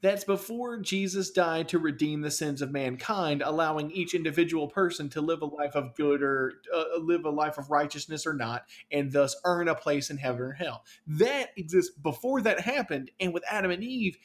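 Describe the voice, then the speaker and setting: A man's voice: on the high side, normal speed, hardly any pauses. A man co-hosting a casual chat, arguing a point with stumbling restarts.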